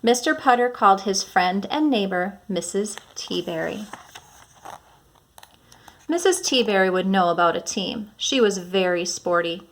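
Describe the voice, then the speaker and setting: A woman teacher reading a children's chapter book aloud and explaining predictions and punctuation in a clear, instructive way. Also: mid-range voice, animated, a little slow, fairly bright tone, slight background noise.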